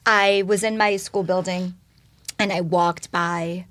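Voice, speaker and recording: A woman talking as a podcast guest, telling her story in an animated, expressive way and swearing casually. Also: on the low side, slow pace. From United States.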